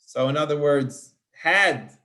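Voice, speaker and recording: A rabbi teaching a verse-by-verse scripture class, reading Hebrew phrases and translating them in a chatty way with many restarts. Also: male voice, fairly high pitch, takes it slowly, bright, forceful tone.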